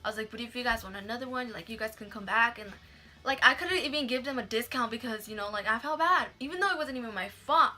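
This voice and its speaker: A woman's voice: fairly high pitch, fast, bright, forceful tone. A young woman telling a story in a casual vlog, chatty, swearing freely and acting out the people she quotes.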